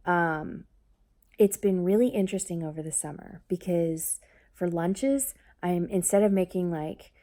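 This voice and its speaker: A mother chatting casually on a vlog, rambling with lots of fillers and getting lively when she tells family stories. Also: on the low side, a little slow. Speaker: mother talking about her family.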